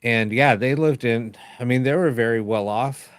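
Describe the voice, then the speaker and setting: A man chatting as a show host, telling a story in a loose, rambling way, full of "um"s and retold dialogue. His voice sits at an ordinary middle pitch and sounds dry and close, with no room echo. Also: normal speed, smooth. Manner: rambling, with many fillers and quoted dialogue. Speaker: host of a live paranormal show. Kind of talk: casual storytelling chat.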